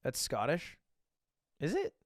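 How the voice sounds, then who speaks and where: A man's voice: a little high, slow pace, background noise. A man streaming live, chatting casually and reacting to videos with profane jokes. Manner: animated, profane, joking.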